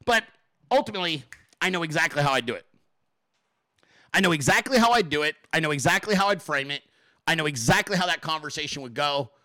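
A man hosting a casual solo talk show, excitable and rambling, swearing freely and full of fillers. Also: a little high, no echo. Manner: excitable, profane, rambling with many fillers and laughs. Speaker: podcast host.

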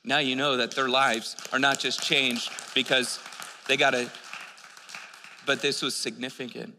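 A man's voice: mid-range voice, little pitch movement, unhurried, a crowd in the background, noisy background. A man preaching a sermon, telling stories in a conversational way with many restarts. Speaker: pastor. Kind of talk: sermon with storytelling. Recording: long hall reverb.

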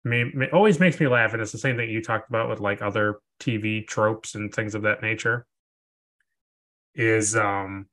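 A man co-hosting a podcast, recapping a TV episode in casual chat and acting out scenes in a jokey, animated way. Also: on the low side, normal speed. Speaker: podcast co-host.

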